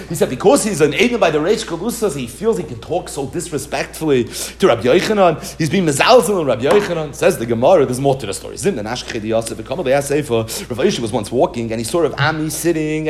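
A man's voice: on the high side, slight background noise. A man teaching a Talmud lesson, animatedly acting out the rabbis' exchanges and mixing Hebrew and Aramaic terms into English. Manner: animated, acts out the rabbis' dialogue.

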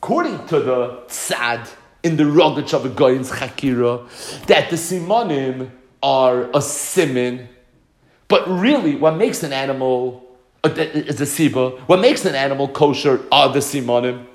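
A man's voice: mid-range voice, a little slow, reverberant. A man giving a Talmud lecture, asking rhetorical questions and mixing in Hebrew and Yiddish terms. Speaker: Talmud teacher.

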